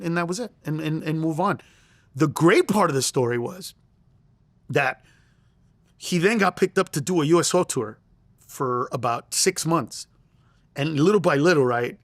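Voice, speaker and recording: A middle-aged male comedian telling a story in an interview, animated and profane, acting out the voices he quotes. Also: on the high side, no echo. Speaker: comedian guest.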